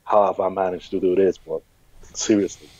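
Low-voiced man on a dull remote line. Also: fairly even intonation, normal speed, a little mellow, no echo. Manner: earnest, reflective, rambling. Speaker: guest bodybuilder. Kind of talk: casual interview chat.

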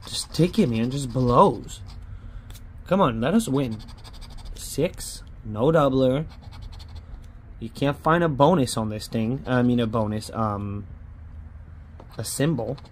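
Male vlog host, middle-pitched, frustrated casual chatter with light background noise. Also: lively intonation, takes it slowly, pauses often. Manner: frustrated, grumbling, repeats "man". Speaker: lottery scratch-off channel host. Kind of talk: casual narrated scratching vlog.

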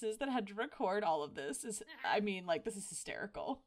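Woman, let's-play commentary, animated up-and-down pitch, excitable, gasping and giggling. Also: brisk. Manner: excitable, frequent gasps and laughter. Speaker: gaming video host.

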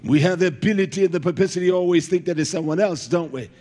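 A man preaching a fiery sermon, emphatic and blunt, often shouting and filling pauses with "uh". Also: high-pitched. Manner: fills pauses with "uh" and repeated words.

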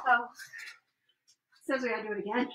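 A woman leads a home workout, a mother counting reps and calling out stretches with cheerful encouragement. Her voice sits high and bright. She is recorded from across an echoey room at home, set back from the camera. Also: steady tone, a little fast. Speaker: mother leading a family workout. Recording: echoey room, voice from far off the mic.

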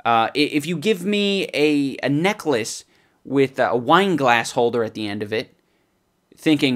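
Young male comedy vlogger: sarcastic, crude, lots of swearing, loud rants broken up by mumbled asides. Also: medium pitch, expressive, a little slow. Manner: crude, mocking, swears often; swings between loud outbursts and muttered asides. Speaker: comedy vlog host. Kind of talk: sarcastic comedic product review.

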